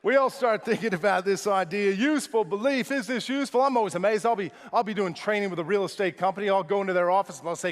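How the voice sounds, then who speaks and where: A man who is a motivational speaker, giving an energetic, emphatic keynote speech in a large conference room. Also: high voice, fast, few pauses. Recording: echoey large hall.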